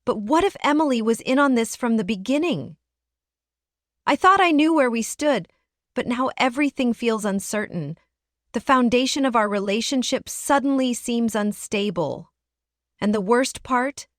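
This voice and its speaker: A woman's voice: a little high, expressive, moderate pace, no room sound, clean studio sound. Woman narrating a dramatic story. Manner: earnest, emotional storytelling.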